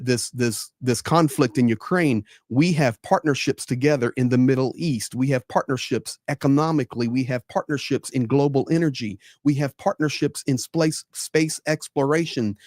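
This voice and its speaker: A man's voice: mid-range voice, darkish tone, no echo, studio quality. A man hosting a casual political commentary livestream, emphatic and given to repeating phrases. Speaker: livestream host.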